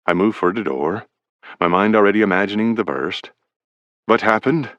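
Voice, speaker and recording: A man's voice: sits low, a little fast, fairly bright tone, no room sound, muffled recording. A man narrating a sports romance audiobook, reading with dramatic delivery and shifting his voice for the characters.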